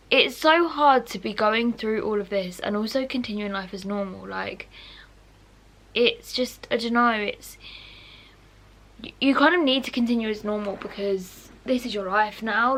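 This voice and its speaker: A woman's voice: medium pitch, a little slow, pauses often, fairly bright tone. A young woman vlogging candidly to camera, rambling frankly with lots of fillers and restarts. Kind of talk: candid personal talk to camera.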